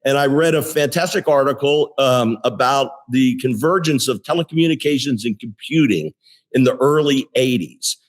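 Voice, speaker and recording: A man in his sixties, a company CEO, telling career stories in a relaxed interview, with frequent restarts and fillers. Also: mid-range voice, normal speed. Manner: animated storyteller with many restarts. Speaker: guest, tech company CEO. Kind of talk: casual interview storytelling.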